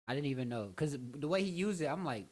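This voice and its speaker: The voice is a man's, low-key and amused, murmuring his reactions to a clip as if half to himself. He talks in an easy, casual way. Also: expressive, fast talker, a little mellow. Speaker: reaction video host. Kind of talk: casual commentary over a clip.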